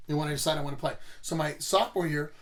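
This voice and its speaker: A man's voice: on the high side, steady tone, rapid-fire. A middle-aged man casually telling rambling, profane stories about his school football days. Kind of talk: casual storytelling.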